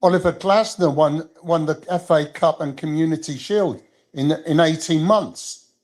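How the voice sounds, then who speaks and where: A man speaking measured and halting in a football call-in, often restarting his sentences. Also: on the high side, a little mellow. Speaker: call-in panelist.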